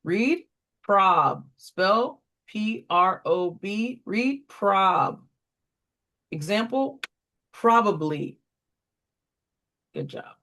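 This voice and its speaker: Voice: expressive, pushed and bright. A reading tutor leads a phonics drill, prompting each word in turn, spelling it out letter by letter and giving examples, with short asides that explain the method to other tutors. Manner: slow, deliberate call-and-response prompting; steps aside to explain in a lower, quicker voice.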